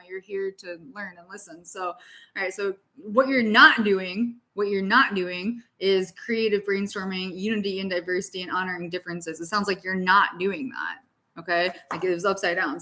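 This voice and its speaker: A woman's voice: mid-range voice, pushed and bright. A young adult woman giving a casual tarot reading, talking in a blunt, profane, tough-love way. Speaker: tarot reader.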